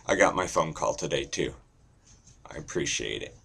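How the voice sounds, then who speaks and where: A young man talking to camera in a slow, deadpan, rambling way with a deep monotone voice, swearing casually. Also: vocal fry, slightly rough. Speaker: vlogger.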